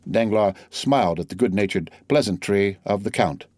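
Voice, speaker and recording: Measured male audiobook narrator. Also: on the low side, a little mellow, no room sound, studio quality. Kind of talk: scripted narration.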